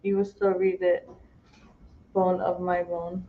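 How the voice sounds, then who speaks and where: A woman's voice: fairly low pitch, flat delivery, takes it slowly. A woman student from Ecuador asking hesitant questions in class. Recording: roomy dull audio with faint hum.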